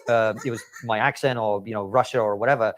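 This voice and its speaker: A man's voice: on the low side, steady tone. A man from the former Soviet Union, telling his family's story as a podcast guest, earnest and filler-heavy. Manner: fast, earnest recounting with frequent fillers. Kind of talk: interview clip, storytelling.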